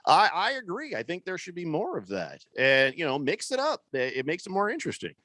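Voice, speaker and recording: A man hosting sports talk radio with a lively, bouncing delivery and a fairly high voice for a man. He jokes with his co-hosts and reads listener comments aloud. The studio microphone gives a close, dry sound. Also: brisk, no echo.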